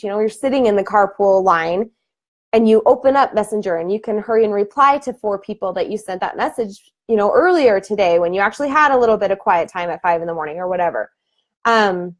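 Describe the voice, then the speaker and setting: A woman in her thirties, a fitness team coach, talking casually on a live video call and laughing often, with sudden animated bursts. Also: mid-range voice. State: emotional.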